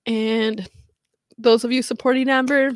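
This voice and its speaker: A woman's voice: fairly high pitch, little pitch movement, a little slow, smooth, no echo, clean studio sound. A woman giving casual, chatty commentary on a live stream, talking in emphatic asides.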